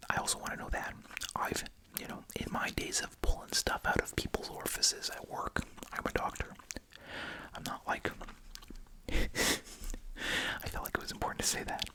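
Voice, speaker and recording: An ASMR host whispering a chatty, wry commentary while chewing gum, full of asides and rhetorical questions. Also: normal speed.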